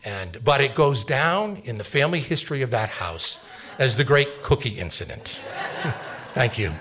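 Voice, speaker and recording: A middle-aged man telling a personal story live on stage, animated and acting out the voices of family members. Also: mid-range voice, normal speed, a crowd in the background.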